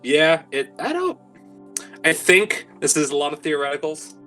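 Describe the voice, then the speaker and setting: A man's voice: fairly high pitch, big pitch swings, normal speed, pushed and bright, soft background music, low-quality recording. A man on a streamed game panel, chatting loosely and joking, swearing casually as he talks. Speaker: tabletop game player, panelist.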